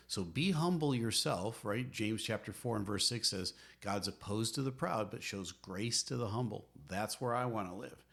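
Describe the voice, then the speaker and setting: A man's voice: lowish voice, fairly bright tone. A middle-aged man co-hosting a podcast, giving earnest, emphatic, preacherly advice as a marriage counselor. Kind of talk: conversational podcast teaching.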